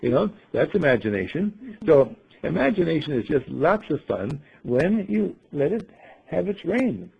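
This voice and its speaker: A man telling a rambling story to a group, playful and musing, often clearing his throat. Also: a little high, sing-song, measured pace, lo-fi sound. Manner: playful, acts out voices in quotes, frequent throat clearing.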